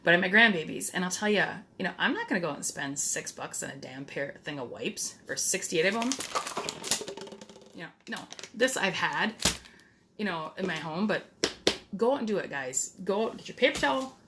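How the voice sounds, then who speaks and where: A woman's voice: on the low side, lively intonation, a little fast, background noise. A middle-aged woman talking casually to the camera in a DIY vlog, chatty and blunt, with some mild swearing. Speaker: DIY vlogger.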